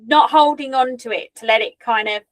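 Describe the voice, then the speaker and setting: A woman's voice: on the high side, moderate pace, dry recording, rough recording. A woman co-hosting a casual chat, supportive and agreeable, summing up points. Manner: supportive, frequent short agreements. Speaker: podcast co-host.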